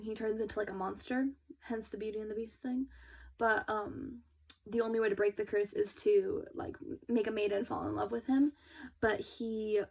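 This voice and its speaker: Chatty young woman with a creaky voice. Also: mid-range voice. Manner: chatty, lots of fillers and restarts. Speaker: book reviewer. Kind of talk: casual chat.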